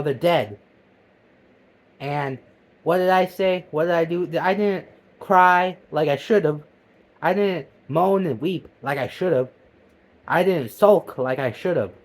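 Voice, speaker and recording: A man rants in a comic monologue, his voice sitting a little higher than usual. He curses freely and lurches from loud outbursts to low, sullen mutters. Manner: profane, heated, swinging between loud outbursts and low mutters. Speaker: vlogger. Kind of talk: comedic ranting monologue.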